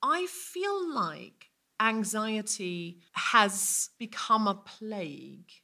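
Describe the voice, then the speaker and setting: A woman's voice: medium pitch, very animated, extremely slow, pushed and bright. A woman hosting a live comedy podcast, asking her guest questions in a thoughtful way. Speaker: podcast host.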